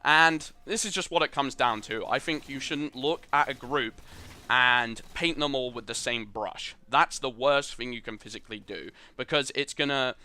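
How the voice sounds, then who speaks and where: Bright-voiced young man rambling gameplay commentary. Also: mid-range voice. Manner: earnest, opinionated, rambling with fillers. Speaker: gaming channel host.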